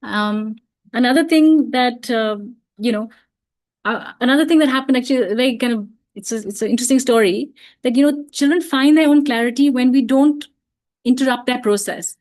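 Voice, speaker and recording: A middle-aged woman giving an online parenting talk, telling stories in a calm, reflective way with many fillers. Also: a little high, normal speed. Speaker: parenting speaker.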